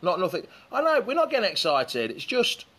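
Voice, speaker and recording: A man's voice: high voice, wildly swooping pitch, a little fast, bright, forceful tone, breathy edge. A man hosting a casual live fan stream outdoors beside a swimming pool, chatting loosely and greeting viewers by name as their comments come in. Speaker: fan show host. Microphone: phone or camera set up by the pool.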